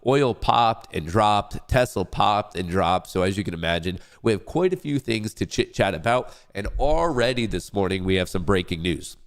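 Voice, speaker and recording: A man's voice: on the low side, expressive, moderate pace, hardly any pauses. A young man hosting a casual trading livestream, congested and stuffy-nosed, rambling and joking about himself between updates. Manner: rambling, joking, self-hyping. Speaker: livestream trading show host.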